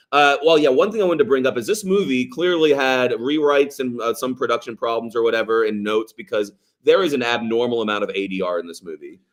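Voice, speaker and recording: A man co-hosting a casual movie podcast, rambling with lots of fillers, swearing and laughing as he talks. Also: lowish voice. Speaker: podcast co-host.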